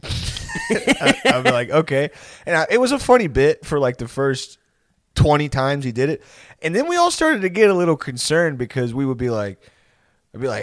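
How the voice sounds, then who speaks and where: A man's voice: fairly high pitch, wildly swooping pitch, moderate pace, no echo, clean studio sound. A young man chatting casually, telling rambling stories full of swearing, laughing often and putting on voices for the people he quotes. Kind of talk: casual chat.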